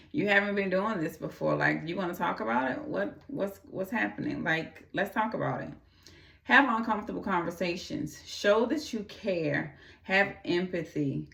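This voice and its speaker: A woman's voice: sits low, a bit bright, reverberant, distant mic. A woman talking earnestly to her audience, repeating her urgings and briefly acting out the voices of people she describes. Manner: earnest, repeats urging phrases, acts out quick quoted voices. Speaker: host. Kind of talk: casual talk to camera.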